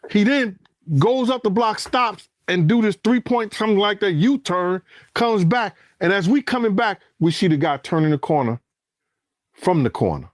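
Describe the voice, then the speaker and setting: A man's voice: sits high, normal speed, no echo, studio quality. A man telling a story in casual, profane speech, acting out the quoted voices and raising his voice as it gets tense. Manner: acts out quoted lines, cursing, rising to shouts when excited. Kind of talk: animated storytelling.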